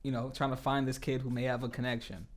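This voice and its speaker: A man's voice: mid-range voice, little pitch movement, quick pace. Man, podcast host, casual chat, laid-back, swears, laughs a lot.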